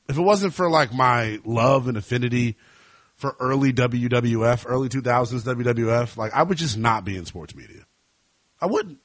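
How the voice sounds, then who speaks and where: A man's voice: medium pitch, a bit bright, no echo. A man hosting a sports talk show, chatting in a loose, rambling, playful way. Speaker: sports radio host. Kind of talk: casual radio chat.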